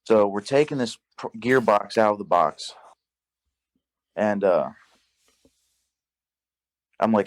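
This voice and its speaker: A young man telling a work story in casual podcast chat, profane and animated, acting out the dialogue. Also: fairly low pitch, normal speed, long pauses. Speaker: podcast guest.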